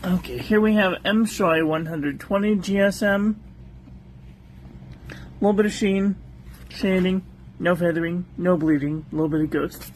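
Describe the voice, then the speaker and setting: A man's voice: sits high, normal speed, long pauses, slight background noise. A man casually reviewing stationery on a livestream, listing paper traits in short clipped phrases and chatting with viewers between items. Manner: chats aside with live viewers.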